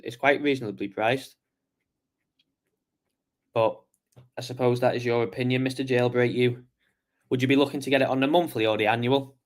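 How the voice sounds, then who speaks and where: Sleepy guy hosting a trading stream, casual and relaxed, mid pitch. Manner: relaxed, answers chat questions while reviewing charts. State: tired, yawning. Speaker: trading show host. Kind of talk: casual market review livestream.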